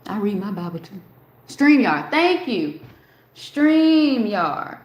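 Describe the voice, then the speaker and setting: A woman's voice: mid-range voice, big pitch swings, unhurried, lo-fi sound. A woman hosting a casual live stream, rambling and talking straight to her chat, swearing freely. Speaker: livestream host. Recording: roomy echo.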